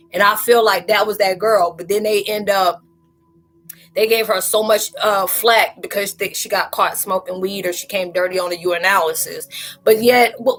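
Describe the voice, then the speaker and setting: A woman's voice: medium pitch, fairly bright tone. A middle-aged woman hosting a casual live chat, talking straight to her viewers, laughing and telling stories as she reads the comments. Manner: chatty, laughing, talks to viewers directly. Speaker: livestream host.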